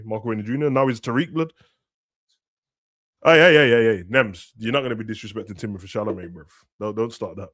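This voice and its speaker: A young man, ranting and joking as a streamer during a football watch-along, now and then shouting. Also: fairly low pitch, a little fast, dry recording, studio quality. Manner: ranting, slangy, bursts of shouting. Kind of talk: casual chat over a live match.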